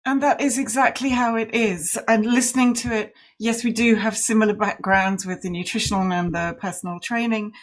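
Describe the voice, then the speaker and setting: A woman's voice: mid-range voice, steady tone. Enthusiastic woman hosting. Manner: warmly enthusiastic, quick to laugh. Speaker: podcast host. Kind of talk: casual conversational interview.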